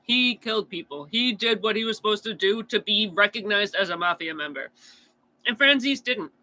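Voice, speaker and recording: A man's voice: high voice, animated, moderate pace, bright, forceful tone, low-quality recording. A man chatting casually on a true crime stream, answering chat in a blunt, profane rant.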